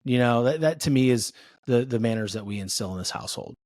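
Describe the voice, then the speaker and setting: Male podcast host, casual talk, lively pitch swings, dry close sound. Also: fast talker, no echo. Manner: animated, acts out family exchanges.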